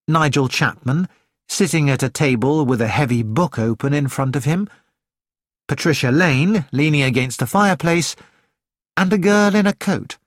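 An audiobook narrator reads a story aloud from a script in a measured, plain storytelling manner. The voice is mid-range, with studio quality and no room sound.

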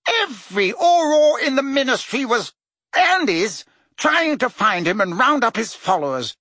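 A man voicing a flustered, defensive male wizard minister who talks rapidly and heatedly, his voice climbing when pressed. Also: very high-pitched, sing-song, pushed and bright, no room sound, clean studio sound, voice pushed up, heavily acted. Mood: indignant.

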